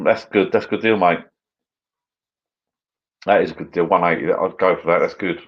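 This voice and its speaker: Deep-voiced British man rambling on a live stream. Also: lively intonation, normal speed, long pauses, dull audio. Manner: rambling, chatty, reads viewer comments aloud. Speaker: channel host. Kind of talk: casual live-stream chat while drinking.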